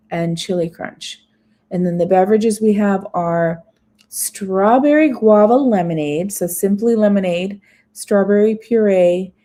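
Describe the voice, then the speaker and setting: A woman chats her way through a festival food menu on a live stream. She reads items aloud and breaks off for little asides. Her voice is mellow and warm. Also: mid-range voice. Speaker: food vlogger.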